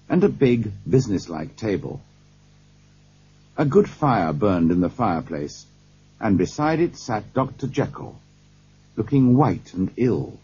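A man narrating an audiobook in a slow, deliberate storytelling manner. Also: on the low side, warm tone, breathy edge. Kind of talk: scripted narration. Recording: dull lo-fi cassette tape.

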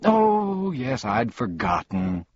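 Pompous, forgetful storybook gent with a husky, lively delivery, voiced by a man, dull, dry recording. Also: mid-range voice, takes it slowly, voice pushed up, exaggerated voice. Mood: cheery, rambling. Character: ordinary grown man, pompous, scatterbrained, cheerful.

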